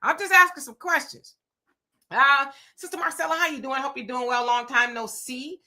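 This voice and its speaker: A woman's voice: high voice, fairly even intonation, normal speed, bright, forceful tone. A woman hosting a casual live stream, greeting viewers one by one and reading their comments aloud in loose vernacular talk.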